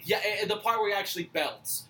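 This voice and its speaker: A woman co-hosting a casual podcast, excitable and quick to swear. She laughs often. Her tone is bright, with a faint hiss of noise behind her. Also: mid-range voice, rough recording. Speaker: podcast co-host. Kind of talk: casual chat.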